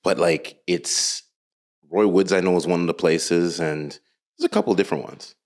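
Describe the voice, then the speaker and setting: A man's voice: sits low, fairly even intonation, moderate pace, darkish tone. A man hosting a podcast, chatting casually, teasing his guest and laughing often. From Canada. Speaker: podcast host. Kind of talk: casual interview chat. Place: London, Ontario.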